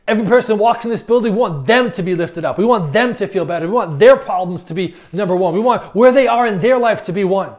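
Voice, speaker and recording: A man with a notably high voice preaches a sermon. He talks in a conversational, emphatic way, often stumbling and restarting his phrases as he makes his points. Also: fast talker, few pauses, darkish tone. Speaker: pastor.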